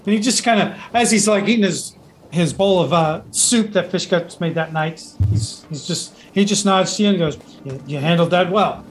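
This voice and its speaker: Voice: mid-range voice, normal speed, slight background noise, rough recording. A game master narrating a tabletop role-playing game in a rambling, hesitant way full of fillers.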